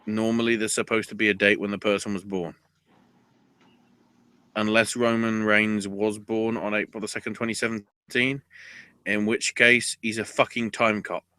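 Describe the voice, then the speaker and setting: Excitable, foul-mouthed man on a podcast. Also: lowish voice, moderate pace, clear, resonant tone, dry recording. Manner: excitable, profane, breaks into laughter and mock voices. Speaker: podcast co-host. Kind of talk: casual wrestling recap chat.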